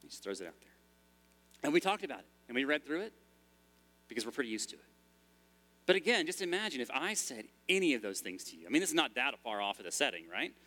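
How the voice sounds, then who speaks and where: A man's voice: medium pitch, big pitch swings, quick pace, pushed and bright. A man preaching a sermon in a church as pastor, in a conversational style with frequent restarts.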